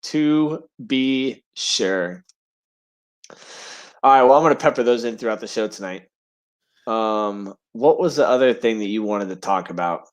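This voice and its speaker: A man's voice: on the low side, a little fast. A man co-hosting a podcast, rambling and joking crudely in casual banter. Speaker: podcast co-host.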